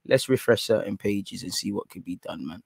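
A man hosting a live stream in casual chat. He is slangy and rambling, and he shifts between low mutters and excited outbursts. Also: moderate pace, gravelly, husky, no echo, studio quality.

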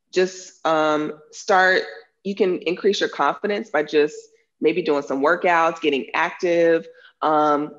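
A woman's voice: sits low, muffled recording. A woman who teaches self-defense and wrote a book on it, answering interview questions in an earnest, explanatory way with plenty of fillers. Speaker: self-defense instructor and author.

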